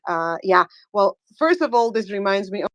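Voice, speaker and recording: Halting woman hosting a live audio chat. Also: mid-range voice, no echo. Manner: halting, many filler sounds, excitable. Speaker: host.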